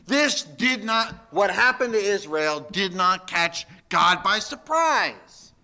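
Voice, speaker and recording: A man's voice: sits high, very animated, slow pace, bright, forceful tone. A man, a pastor, preaching a sermon in a folksy, emphatic way with jokes.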